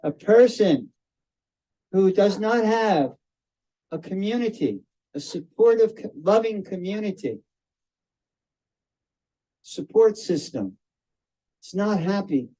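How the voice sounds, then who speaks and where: An older man giving a devotional talk to a group over a video call, telling stories slowly and circling back on his phrases. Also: high voice, expressive, mellow, poor audio. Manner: slow, storytelling, repeats and restarts phrases. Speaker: spiritual teacher.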